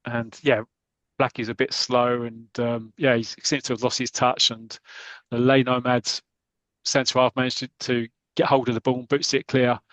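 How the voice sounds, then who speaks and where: A man's voice: medium pitch, level tone, normal speed, fairly bright tone, dry recording. A man hosting a podcast, casually retelling a comic story in a rambling, chatty way. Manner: rambling, many fillers and restarts, chatty. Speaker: podcast host.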